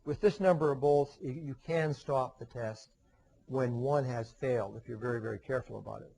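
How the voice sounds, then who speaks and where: Halting man giving a technical lecture. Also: mid-range voice, vocal fry, warm tone, rough recording. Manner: conversational, asks questions and answers them himself; halting, with frequent "uh" and restarts. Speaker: engineering lecturer. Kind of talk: recorded webinar lecture.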